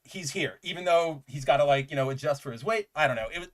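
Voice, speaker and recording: A man's voice: on the high side, fast. A man co-hosting a casual comics chat, enthusiastic and rambling, with lots of "like" fillers. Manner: enthusiastic, rambling, says "like" often. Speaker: podcast co-host.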